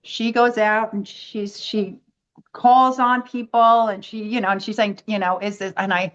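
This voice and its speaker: A woman's voice: medium pitch, a little slow, smooth, muffled recording. A woman from the United States, a podcast guest telling a personal story and acting out the voices of other people. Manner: animated storytelling, acts out quoted voices.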